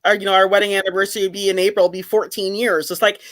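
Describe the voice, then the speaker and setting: A middle-aged woman hosting a casual video chat with fans, talking in an animated way with many restarts. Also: medium pitch, fast talker. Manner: chatty, animated, frequent restarts. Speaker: host of fan discussion chat.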